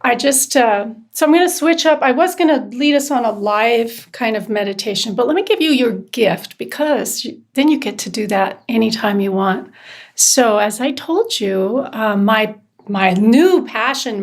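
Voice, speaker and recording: Enthusiastic higher-voiced woman. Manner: enthusiastic, effusive. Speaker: meditation guide. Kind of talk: casual group video call chat.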